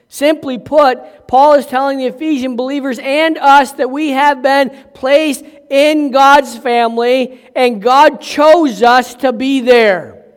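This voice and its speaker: Older male pastor, high-pitched, emphatic slow preacher in a reverberant hall. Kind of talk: sermon.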